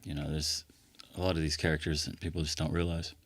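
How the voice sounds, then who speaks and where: A middle-aged man with an American accent, chatting easily as a podcast guest in a recording studio, unhurried with plenty of fillers. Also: extremely low pitch, dry recording. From England. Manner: easygoing, relaxed, halting with fillers. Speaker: podcast guest, costumed street performer. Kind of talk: casual interview chat.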